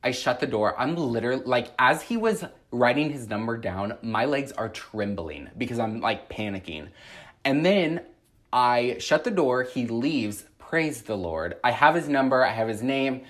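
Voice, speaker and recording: A man's voice: medium pitch, expressive, normal speed. A young man vlogging a storytime from his apartment, rambling anxiously with lots of "like"s. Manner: anxious, rambling retelling with many "like"s. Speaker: YouTuber. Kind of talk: casual storytime.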